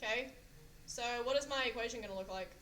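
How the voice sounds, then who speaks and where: Bright-voiced woman teaching math. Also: a little high, quick pace. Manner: quizzing students with frequent "okay?" check-ins. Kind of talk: classroom math lesson. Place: echoey classroom. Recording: echoey classroom, faint noise.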